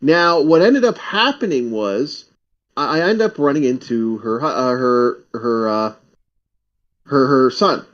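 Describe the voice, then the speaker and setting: A man's voice: mid-range voice, animated, unhurried, a bit bright, lo-fi sound. A man streaming, chatting casually and telling stories bluntly, swearing freely. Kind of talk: casual chat, storytelling.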